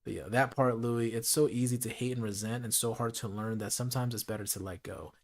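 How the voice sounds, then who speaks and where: A man's voice: mid-range voice, steady tone, brisk. Earnest reflective male streamer. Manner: earnest, reflective, lots of "like" and "you know". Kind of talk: late-night casual chat.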